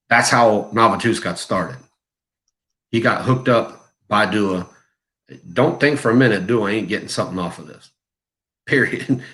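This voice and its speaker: This is a heated livestream rant from a fragrance review co-host, who is blunt, mocking and crude. He's a man whose fairly low voice carries a slightly bright quality.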